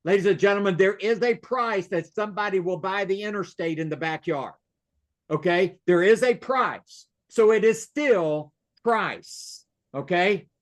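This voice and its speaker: A man with a voice pitched a little higher than most, coaching his audience through a video call. He hammers his points home and repeats the important lines. He calls out to the listeners directly. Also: unhurried. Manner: emphatic, repeats key phrases, addresses audience directly. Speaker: real estate sales coach. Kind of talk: motivational coaching talk. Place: online meeting.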